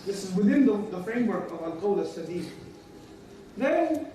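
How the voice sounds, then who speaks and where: A man with a high voice delivers a religious lecture, stressing his points by repeating them and slipping into short acted-out exchanges. He sounds far from the mic, in a very echoey room with a faint hiss behind him. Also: sing-song, normal speed, dark tone. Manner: emphatic, repeats key lines, acts out everyday dialogues. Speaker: Islamic teacher.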